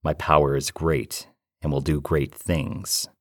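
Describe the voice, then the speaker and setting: A man voicing an inhuman spirit bound to a tape player, speaking slowly, coldly and commandingly. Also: rumbling low, little pitch movement, a bit bright, no room sound, clean studio sound, full character voice.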